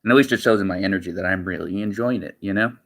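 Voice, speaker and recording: A man's voice: sits low, racing, a bit bright. A man chatting casually on his livestream, rambling and repeating himself with lots of filler words. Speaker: streamer.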